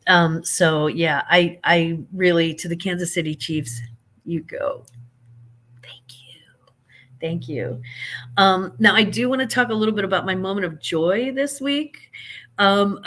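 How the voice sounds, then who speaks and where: A woman's voice: medium pitch, a bit bright. A woman, hosting a casual live chat and greeting viewers by name in a chatty, folksy way. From American Midwest. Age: 50s. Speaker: livestream host.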